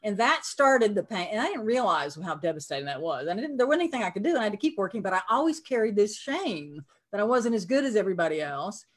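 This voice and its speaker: A woman's voice: medium pitch, very animated, fast, few pauses. A middle-aged woman with a Southern US accent, telling her career story on a podcast in a frank, self-deprecating way. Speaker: podcast guest. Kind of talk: casual storytelling chat.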